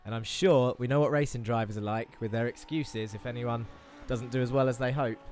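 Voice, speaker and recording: A man's voice: mid-range voice, fairly even intonation, brisk, a little mellow, faint music behind. A man commentating a sim racing broadcast in a chatty, enthusiastic way, talking viewers through the track turn by turn. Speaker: race commentator.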